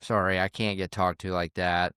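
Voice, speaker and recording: Low, smooth-voiced man telling caddie stories. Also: level tone, normal speed, sharp tone, no echo, studio quality. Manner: candid, conversational, swears casually. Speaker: caddie and podcast host. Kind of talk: casual storytelling.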